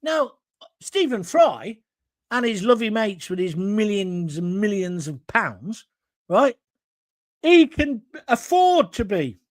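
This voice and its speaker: A man's voice: high-pitched, sing-song, slow pace, no room sound. A man hosting a live talk show, reading out viewer comments in a blunt, combative, rambling way from a green screen studio.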